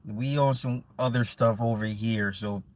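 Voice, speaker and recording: A man's voice: mid-range voice, fairly even intonation, measured pace. A man streaming live and reading chat messages, talking casually in blunt, profane banter with frequent laughs, repeating words for emphasis.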